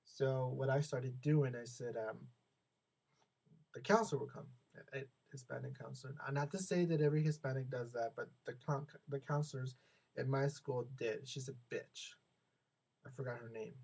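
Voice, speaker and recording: Young american guy venting on a vlog, gravelly low-key voice, rambles and restarts a lot. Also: fairly even intonation, normal speed, darkish tone, rough recording. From United States. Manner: rambling, repeats and restarts words, acts out quoted people. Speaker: vlogger. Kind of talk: casual venting monologue.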